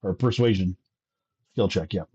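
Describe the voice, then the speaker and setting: A man's voice: sits low, moderate pace, dark tone, slightly rough. A man narrating a live-streamed tabletop game as game master, joking, laughing and stumbling over his words. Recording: dull lo-fi stream audio.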